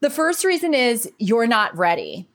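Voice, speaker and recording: A woman's voice: a little high, sing-song, unhurried, fairly bright tone. Talkative, candid woman in her thirties from New York, a life-coach podcast host. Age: 30s. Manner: candid, chatty, swears freely. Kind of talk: casual podcast monologue.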